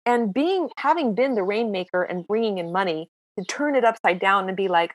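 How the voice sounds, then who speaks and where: A woman in her sixties, a podcast guest telling stories in a casual, lively, self-mocking way. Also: medium pitch, brisk, hardly any pauses, no room sound. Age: 60s. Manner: lively, self-mocking storyteller who acts out dialogue. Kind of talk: casual interview storytelling.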